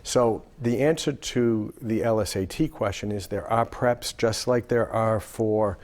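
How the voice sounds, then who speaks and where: A man in his sixties from Rhode Island, speaking in a somewhat low voice. He answers interview questions with long, easygoing stories, pausing on fillers as he goes. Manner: relaxed anecdotal talk with fillers. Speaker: lawyer and guest.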